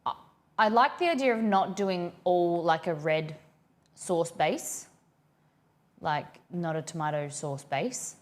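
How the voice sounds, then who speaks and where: A woman's voice: on the low side, slow pace. A young woman hosting a cooking livestream, chatting casually and rambling as she reads her viewers' messages aloud.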